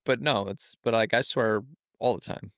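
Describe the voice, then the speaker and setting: A man's voice: fairly low pitch, moderate pace, a bit bright, no room sound, studio quality. A man co-hosting a casual podcast, mostly agreeing with short replies and chiming in with his own views. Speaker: podcast co-host.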